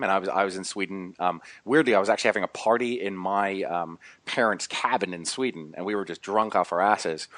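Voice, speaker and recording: A man with a very low voice tells a long story in a loose, rambling way. He keeps stopping and starting again, with lots of fillers. The mic is close and dry. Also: fairly bright tone, no echo. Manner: rambling, many fillers and restarts. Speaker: podcast guest. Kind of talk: casual storytelling.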